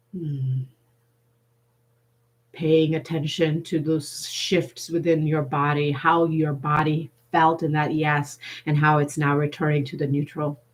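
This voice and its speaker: A woman facilitating a workshop, leading a gentle, unhurried guided meditation with playful, sassy asides. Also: low voice.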